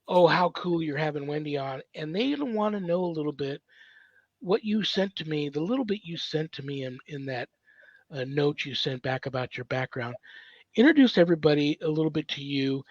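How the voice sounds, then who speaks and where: A man's voice: on the high side, expressive, normal speed, no room sound. A man hosting a casual podcast interview, talking in a rambling, chatty way with many fillers. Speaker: podcast host. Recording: dull, dry podcast recording.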